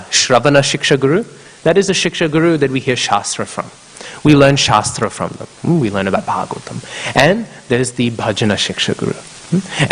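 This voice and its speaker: A man's voice: mid-range voice, a bit bright. Man teaching in an echoing temple hall. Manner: checks in with listeners with frequent "hmm?". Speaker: temple class speaker. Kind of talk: scripture class storytelling. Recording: long echo of a temple hall.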